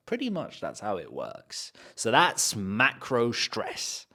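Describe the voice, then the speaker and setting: A man with a British accent teaching a pronunciation lesson, saying example words slowly and repeating them to drill the sounds. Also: lowish voice, wildly swooping pitch, sharp tone, husky. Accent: British English. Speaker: accent coach.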